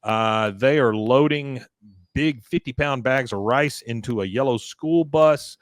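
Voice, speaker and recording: A podcast host casually recaps a cartoon episode in a relaxed, filler-heavy way. He has a mid-range voice, speaks unhurriedly, and there's no echo.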